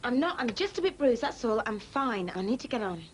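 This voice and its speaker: A woman's voice: on the high side, sing-song, a little fast, noisy background. A determined, vengeful woman. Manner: determined, insistent. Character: determined bruised woman out for revenge. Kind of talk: TV drama dialogue.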